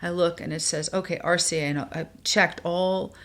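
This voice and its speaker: An older woman from New York tells her stories in a fairly low voice. She keeps it lively, jumping into the quoted voices of the people in her tales. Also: normal speed. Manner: animated, acts out quoted voices. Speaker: guest. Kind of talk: storytelling in a podcast interview.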